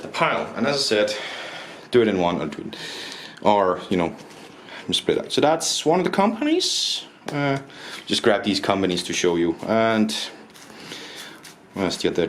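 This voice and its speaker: A fairly low but fairly bright male voice comes through an echoey room with slight background noise. He's from Denmark, casually reviewing a board game and explaining its rules, rambling and frequently repeating or correcting what he says.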